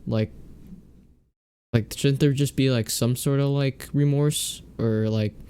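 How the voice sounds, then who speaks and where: A man's voice: mid-range voice, steady tone, slow pace, mellow, clean tone. A teenage boy co-hosting a casual podcast, rambling with lots of fillers and frequent laughs. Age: teens. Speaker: podcast co-host. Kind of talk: casual chat.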